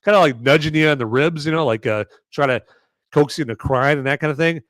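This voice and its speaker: A man's voice: fairly high pitch, fast talker, fairly bright tone, dry recording, studio quality. A man hosting a live movie review podcast, talking casually and sarcastically with many fillers and frequent "okay?" checks to his chat.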